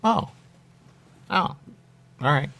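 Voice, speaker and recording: Hosting a radio show, a man speaks very slowly in a fairly bright voice, meandering through a loose monologue. He keeps repeating catchphrases and acts out the voices of the people he quotes.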